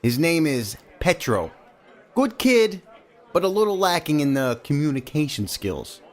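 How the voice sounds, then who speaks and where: A gruff, talkative diner cook, as a male audiobook narrator puts him on. His voice sits a little high and swings up and down a lot as he pries for details. It is a storybook reading with plain acting. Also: big pitch swings, a little slow. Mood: nosy chatty. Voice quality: gruff, chatty.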